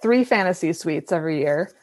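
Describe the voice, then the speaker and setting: A woman's voice: on the low side, animated, brisk, no echo. A woman guest on a podcast, explaining scenes in casual chat and quoting people as she goes. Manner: explanatory, quotes people in character. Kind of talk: casual chat recapping a dating show.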